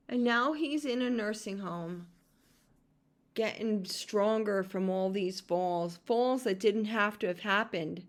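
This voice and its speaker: Slow and mid-range in pitch, this woman's voice belongs to a middle-aged caregiver who hosts a podcast. She vents through a personal story in an emotional monologue, erupting heatedly and swearing often.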